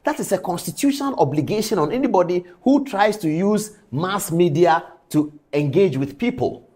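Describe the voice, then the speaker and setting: A man's voice: sits high, lively intonation, normal speed, a little mellow. Indignant Ghanaian man lecturing on air. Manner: lecturing, indignant rhetorical questions. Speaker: television journalist. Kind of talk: televised commentary.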